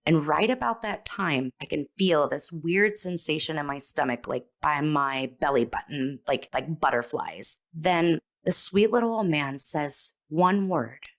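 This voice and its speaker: A woman podcaster telling a personal testimony in an expressive, self-deprecating way, acting out her own thoughts. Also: sits low, unhurried, few pauses. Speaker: author and podcaster.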